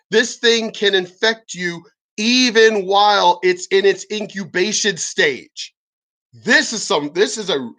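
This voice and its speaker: A man, a military veteran, rambling in a casual vlog monologue, swearing often, restarting sentences and clearing his throat. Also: high-pitched, sharp tone.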